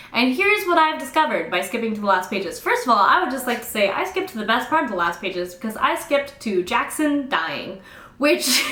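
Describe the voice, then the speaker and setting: A young woman casually recapping a novel with sarcastic, fast-talking, swear-heavy humor. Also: a little high, pushed and bright. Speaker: book reviewer. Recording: roomy echo.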